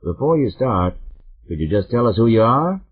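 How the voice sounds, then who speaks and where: A man's voice: fairly low pitch, sing-song, normal speed, breathy edge, pitched above the performer's own voice. A man voicing a confident mayor answering callers on television in a businesslike way. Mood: genial. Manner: businesslike, genial. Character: confident middle-aged male mayor on TV. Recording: narrow phone-like audiobook sound.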